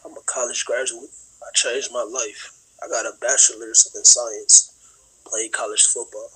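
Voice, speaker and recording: Raspy young man, tearful and earnest. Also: mid-range voice, flat delivery, pushed and bright, rough recording. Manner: earnest, slow, sometimes whispery. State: emotional, near tears. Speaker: interviewee.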